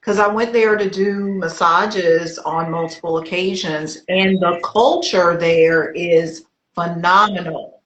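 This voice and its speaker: A woman's voice: fairly low pitch, fairly even intonation, slow, fairly bright tone, highs cut off, slight background noise. A woman hosting an interview show, asking long conversational questions. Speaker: podcast host. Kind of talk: casual interview talk. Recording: echoey room.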